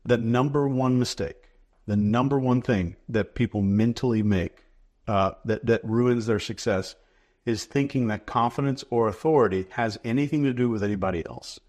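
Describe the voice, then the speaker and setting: A man, a guest in an interview, explaining ideas in a measured, instructive way and repeating key phrases for emphasis. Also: mid-range voice, a little mellow. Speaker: behavior expert guest.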